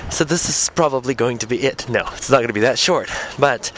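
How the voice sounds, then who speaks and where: A man's voice: medium pitch, fairly quick, fairly bright tone, a little hiss or hum. A man hosting a podcast, talking casually while walking outdoors, out of breath, rambling and correcting himself. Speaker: podcast host. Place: outdoors on street, then in car. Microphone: microphone attached to a portable music player.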